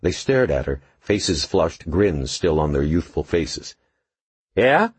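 A man narrating an audiobook in an expressive, measured storytelling manner. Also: rumbling low, slightly rough, no echo. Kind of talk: scripted narration.

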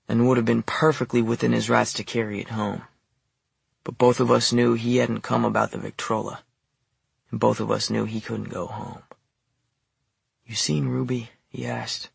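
A man narrating a first-person audiobook in a quiet, low-key, even delivery. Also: gravelly, breathy edge, no echo. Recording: dry close studio recording.

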